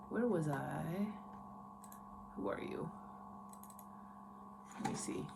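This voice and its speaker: Chatty low-voiced woman vlogging at home. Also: lively intonation, slow, vocal fry, long pauses, background noise. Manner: chatty, rambling, with fillers. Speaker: teacher and book vlogger. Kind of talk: casual reading vlog.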